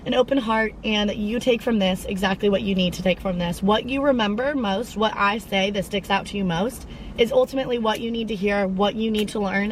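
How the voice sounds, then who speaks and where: A young woman of around twenty talks in a loose, chatty way, drifting off on tangents and sprinkling in fillers. Her voice sits at an ordinary middle pitch. A faint hum of traffic runs behind her. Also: a bit bright, rough recording. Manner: rambling and chatty, full of tangents and "like". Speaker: podcast host. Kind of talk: casual chat.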